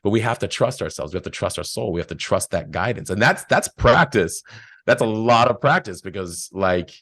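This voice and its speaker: A man's voice: fairly low pitch, animated, brisk, fairly bright tone, no echo. A man speaking as a podcast guest, giving earnest spiritual life advice in a rambling, storytelling way. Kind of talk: casual spiritual advice chat.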